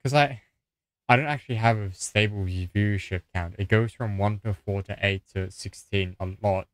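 A man streaming live, chatting casually and trailing off quietly at the ends of his thoughts. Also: on the low side, moderate pace, no echo.

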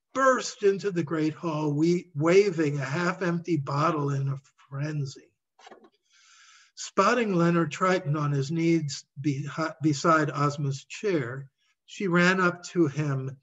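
A man reads his own storybook aloud at a slow, measured pace, his voice husky and slightly high. The recording is dull and lo-fi. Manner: measured, expressive reading. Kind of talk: storybook read-aloud narration.

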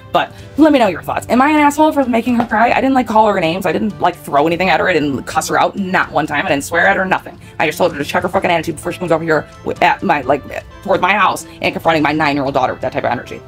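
A woman's voice: lowish voice, expressive, rapid-fire, soft background music. A woman with a heated, rambling manner, full of "like" and swearing, casually telling a personal story to her viewers. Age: adult parent of a nine-year-old.

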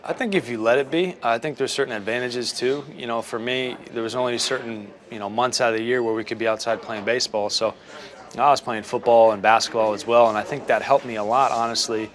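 A man's voice: medium pitch, fairly even intonation. A young man from Western Massachusetts, a baseball player chatting casually over breakfast in a restaurant, easygoing and agreeable. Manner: easygoing, agreeable, quick to say yeah. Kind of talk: casual chat.

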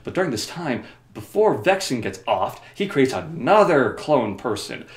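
A man's voice: medium pitch, big pitch swings, measured pace, echoey room. A man summarizing a video game story for comedy, rambling with joking, sarcastic asides. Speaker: video host.

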